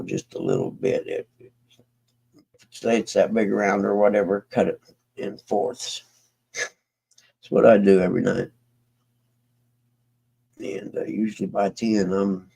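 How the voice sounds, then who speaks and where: Gravelly, low-voiced man rambling on stream. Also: mellow, rough recording. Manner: meandering, folksy, trails off and restarts. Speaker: livestream host. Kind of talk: rambling casual chat to viewers.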